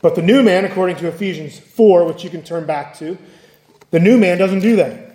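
Male preacher, high voice, earnest, acts out quotes, echoey church hall. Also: fairly quick, warm tone. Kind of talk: sermon. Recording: echoey room.

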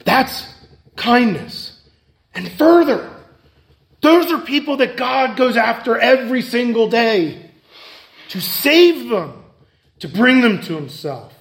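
A man preaching a sermon as pastor, emphatic and repetitive, swinging between loud stresses and hushed asides. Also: extremely high pitch, big pitch swings, slow pace, long pauses. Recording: echoey room.

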